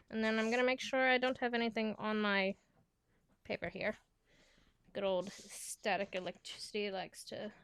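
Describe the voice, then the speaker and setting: An American woman, likely a young adult, vlogging a crafting tutorial in a chatty, self-deprecating way, sliding into a half-British lilt while explaining and going soft and quiet during careful steps. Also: medium pitch, clear, resonant tone, no echo. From United States.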